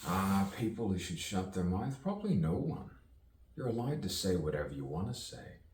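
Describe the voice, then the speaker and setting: A man's voice: sits low, sing-song, moderate pace, darkish tone. A man rambling in a self-recorded monologue, musing and sardonic, asking himself questions and laughing at himself. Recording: echoey room, distant mic, faint background noise.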